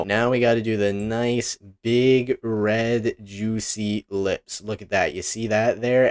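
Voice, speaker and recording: A man's voice: on the low side, a little mellow. A man giving goofy, self-mocking commentary as he draws, rambling and restarting often, at a desk mic with headphones. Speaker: online video creator. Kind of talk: joking commentary while drawing. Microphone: desk mic with headphones, face cam.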